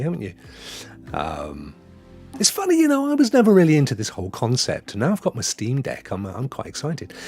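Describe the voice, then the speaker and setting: A middle-aged British man chatting casually as a live stream host, excitable and reading viewer comments aloud. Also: medium pitch, husky. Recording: faint background music.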